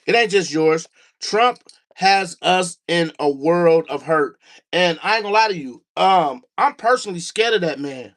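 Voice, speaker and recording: Speaking at normal speed, this livestream host has a high, slightly bright voice with lively intonation. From his basement studio at home, captured by room sound rather than a mic, he chats with viewers and his dog, somewhat out of breath.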